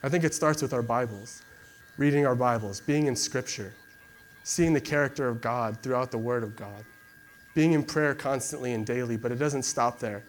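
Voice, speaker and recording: A man's voice: mid-range voice, moderate pace, slight background noise. A young man giving a casual sermon and leading a prayer, talking conversationally and filling gaps with "like". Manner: conversational, many fillers like "like". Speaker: preacher.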